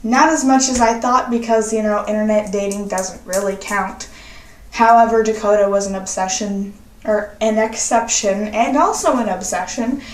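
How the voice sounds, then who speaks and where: A woman's voice: mid-range voice, fairly even intonation, moderate pace, slight background noise. A young woman vlogging in a casual, sassy, profane chat. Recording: roomy echo, distant from mic.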